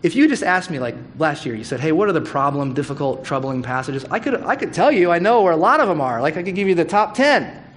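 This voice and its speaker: A man's voice: fairly high pitch, quick pace. Candid, conversational pastor man preaching. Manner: conversational, candid, animated with asides. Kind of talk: sermon. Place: church hall.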